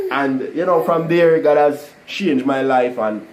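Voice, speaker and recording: A man telling a personal testimony to a live online audience, animated and full of "guys" and "you know". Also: a little high, a little slow, slight background noise, low-quality recording. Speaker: livestream host telling his testimony.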